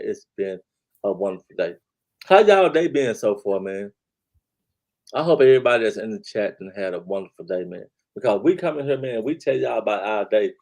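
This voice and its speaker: A man's voice: mid-range voice, a little mellow. A man hosting a casual live-stream talk show, laid-back and repeating "man" and "y'all" as he reads out the chat.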